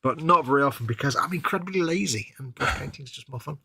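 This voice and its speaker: A man's voice: mid-range voice, fast talker, bright, forceful tone, husky. A middle-aged man co-hosting a live hobby stream, trading dry, wry quips in casual banter.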